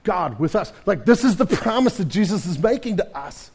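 A man preaching a sermon, animated, with frequent restarts and casual asides. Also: high-pitched, normal speed, breathy edge. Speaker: pastor.

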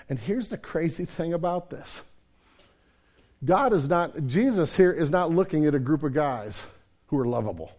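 A man preaching a sermon as a pastor, dropping to a hush and then building to loud, emphatic questions for his congregation. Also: fairly high pitch, lively intonation, normal speed.

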